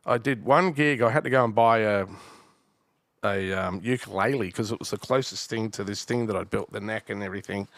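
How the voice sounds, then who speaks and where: A man's voice: fairly low pitch, a bit bright, dry recording, clean studio sound. An Australian man, a guest artist, telling rambling stories in a casual podcast interview. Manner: rambling anecdotes with restarts and quoted dialogue.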